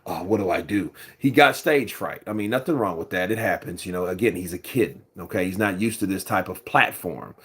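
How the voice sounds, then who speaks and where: Low-voiced man hosting a loose boxing livestream. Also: brisk, hardly any pauses, fairly bright tone, breathy edge. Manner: loose, rambling, many fillers, greets chat viewers. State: has a cold. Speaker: boxing news host. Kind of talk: casual livestream commentary.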